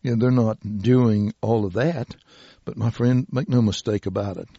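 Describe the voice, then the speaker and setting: A man preaching a sermon in a slow, deliberate way, reading scripture passages aloud. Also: fairly low pitch, steady tone, warm tone, slightly rough, dry recording, dull audio.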